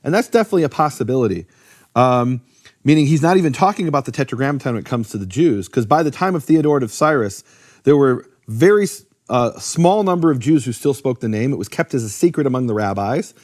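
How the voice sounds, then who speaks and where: A man explaining at length in a relaxed, conversational way, often restarting his sentences and filling pauses with "um" and "uh". His pitch sits in a middling range. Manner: lively, many fillers and restarts. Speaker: Bible teacher. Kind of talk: casual explanatory talk.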